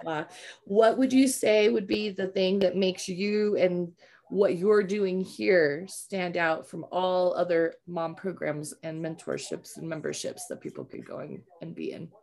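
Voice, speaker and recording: A woman's voice: fairly low pitch, creaky, a little mellow. A middle-aged woman hosting a casual interview chat, rambling and chatty with many fillers. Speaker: podcast host.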